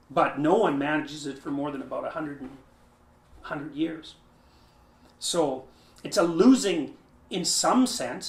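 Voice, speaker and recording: A man's voice: a little high, fairly bright tone. A man lecturing who often restarts his phrases, thinks aloud and stresses key words. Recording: roomy echo.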